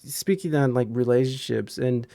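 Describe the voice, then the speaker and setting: A man with a gravelly, fry-edged voice hosting a relaxed podcast conversation. He talks in halting bursts, restarting sentences often. The sound is dry and close, with no room around it. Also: mid-range voice, dry recording. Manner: halting, frequent restarts and fillers. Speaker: podcast host. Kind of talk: casual podcast chat.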